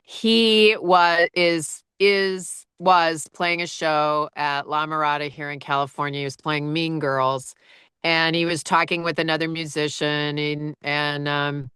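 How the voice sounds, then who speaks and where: Low, bright-voiced chatty woman. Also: fairly even intonation, unhurried, smooth, no room sound, studio quality. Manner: chatty, laughs often while telling stories. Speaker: audiobook narrator. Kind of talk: casual chat.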